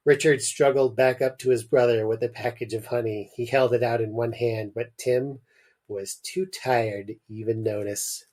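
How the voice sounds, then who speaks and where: A man's voice: mid-range voice, steady tone, normal speed, a little mellow. A man host reading a weird children's story aloud on a podcast with dramatic emphasis. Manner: dramatic reading, breaks into laughter.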